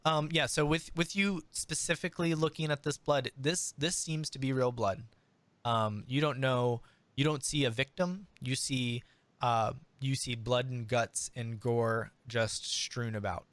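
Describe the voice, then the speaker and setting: A man's voice: medium pitch, fairly even intonation, fairly bright tone, no room sound. Laid-back guy dm-ing, lots of ums, close dry mic. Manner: easygoing, halting, many fillers. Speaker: game master. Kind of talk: narrating a tabletop game.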